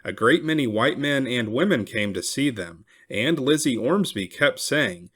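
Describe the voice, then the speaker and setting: A man reads a historical first-person account aloud at a middling pitch. His delivery swings widely in pitch, and he lifts his voice when quoted people cry out. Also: measured pace, slightly rough. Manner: expressive, raising the voice for cried-out quotes. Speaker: reader. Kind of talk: reading a historical memoir aloud.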